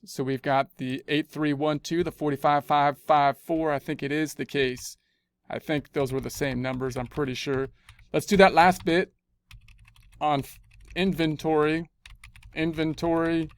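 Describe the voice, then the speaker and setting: A man's voice: fairly high pitch, clear, resonant tone. A man teaching accounting in a screencast, talking through each spreadsheet step and often repeating his phrases. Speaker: accounting instructor. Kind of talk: screencast tutorial narration.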